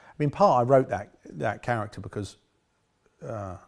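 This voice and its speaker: A man's voice: mid-range voice, moderate pace, creaky. A man talking about his past work as a film director in a casual interview, rambling with frequent restarts and self-corrections.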